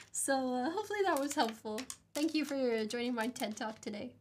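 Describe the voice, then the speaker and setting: A young woman chats on her stream as she solders a kit at her desk, her voice high and light. She rambles, giggles often and pokes fun at herself, talking straight into a desk mic. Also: slight background noise. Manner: giggly, rambling, self-mocking. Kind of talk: casual chat while soldering.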